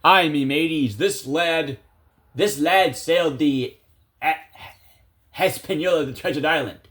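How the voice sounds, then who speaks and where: A man's voice: fairly high pitch, a little slow, a bit bright, pitched above the performer's own voice. A man hamming up a hearty pirate captain. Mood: jolly. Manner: clumsy mock pirate drawl. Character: hearty male pirate captain addressing his crew.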